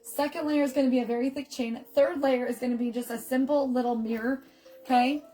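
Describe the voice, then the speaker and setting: A woman's voice: sits high, fairly even intonation, brisk, warm tone, low-quality recording. Chatty woman selling jewelry live. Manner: chatty, affectionate, greets viewers by name. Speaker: jewelry seller on a live stream. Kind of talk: live-stream sales chat. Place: home, filming herself on a phone. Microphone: phone camera in selfie mode.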